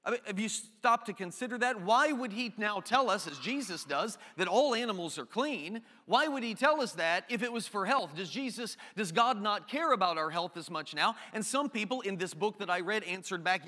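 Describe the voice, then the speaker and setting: Bright-voiced, high man preaching in a hall. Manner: animated, jokey asides, shifts between reading scripture and quick chatter. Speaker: pastor. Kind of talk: sermon. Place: church sanctuary. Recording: long hall reverb.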